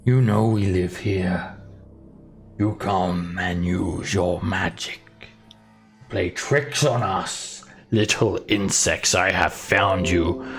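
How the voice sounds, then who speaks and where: Man voicing a booming, menacing stone giant. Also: fairly even intonation, a bit bright, soft background music, full character voice. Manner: slow, booming, threatening.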